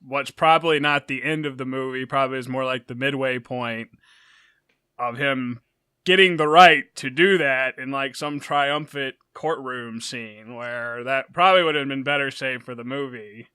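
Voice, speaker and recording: A man's voice: mid-range voice, moderate pace, sharp tone, clear, resonant tone, no room sound, studio quality. A man co-hosting a casual movie podcast, blunt and self-deprecating, laughing often. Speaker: podcast co-host.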